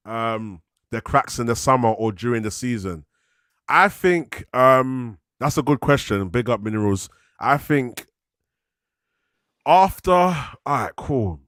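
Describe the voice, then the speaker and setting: A man hosts a football chat, reading out viewer questions and answering in a relaxed way. His voice sits at a middle pitch, recorded dry and close with no room sound. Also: dry recording. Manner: relaxed, reads viewer questions aloud, laughs along. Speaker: host. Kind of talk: casual football podcast chat.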